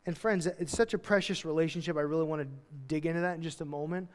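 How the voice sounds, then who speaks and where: High-voiced pastor preaching in a reverberant hall. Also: male voice, steady tone, a little fast, clear, resonant tone. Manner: conversational, slangy preaching with acted-out quotes. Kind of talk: sermon. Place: church hall.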